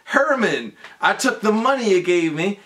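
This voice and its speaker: A man's voice: sits high, sing-song, unhurried, fairly bright tone, distant mic, slight background noise, pitched above the performer's own voice, heavily acted. A drunk man putting on the voice of a smug male hustler bragging about money he won. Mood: gloating. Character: smug male hustler who struck it rich.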